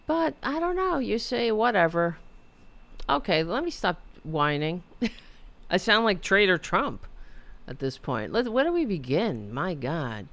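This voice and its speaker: A middle-aged podcast host with a fairly low, slightly bright voice hosts her talk show from her apartment. She rambles, jokes about herself, and reads the chat messages out loud.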